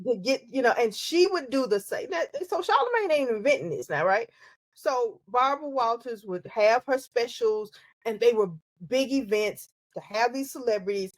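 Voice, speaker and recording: A middle-aged woman co-hosts a podcast, her voice sitting on the high side with no room sound. In casual chat she lays out her views at length, thoughtfully and drawn-out, restarting her sentences often.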